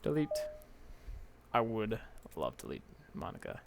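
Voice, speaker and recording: A man's voice: on the low side, wildly swooping pitch, moderate pace, gravelly, background noise. A man giving casual, chatty commentary while playing a video game, reacting aloud to what happens on screen. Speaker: gamer streamer. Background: game music.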